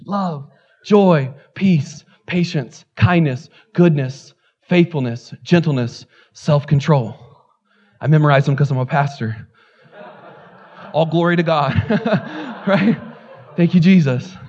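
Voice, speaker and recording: A man preaching a sermon as pastor, animated, swinging between loud exclamations and quieter asides. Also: fairly high pitch, slow pace, highs cut off.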